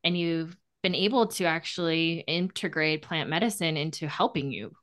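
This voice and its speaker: A woman with a fairly low voice hosts a podcast conversation. She talks loosely and rambles, circling back with fillers and restarts as she goes. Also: normal speed, fairly bright tone. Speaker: podcast host. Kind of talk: casual conversational interview.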